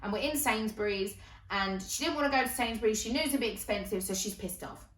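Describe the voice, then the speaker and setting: A young woman telling a personal story in casual vlog style, animated and swearing freely. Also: mid-range voice, fast. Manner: animated, swears freely, laughs between lines. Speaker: vlogger. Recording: roomy echo.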